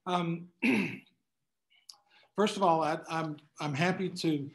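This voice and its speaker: Male attorney lecturing a class, conversational, restarts a lot, slightly high voice. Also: takes it slowly, creaky, rough recording. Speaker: attorney giving a class talk. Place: room full of people.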